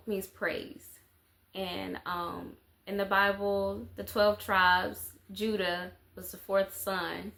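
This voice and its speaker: A woman's voice: mid-range voice, creaky, fairly bright tone. Chatty mother rambling through a vlog. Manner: chatty and rambling, lots of fillers and laughs. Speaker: mother and vlogger. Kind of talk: casual life-update vlog.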